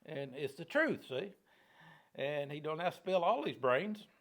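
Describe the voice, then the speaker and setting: Middle-aged male pastor, plainspoken and folksy, leading a Bible study in a fairly high voice. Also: very animated, measured pace. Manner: folksy, homespun plain talk.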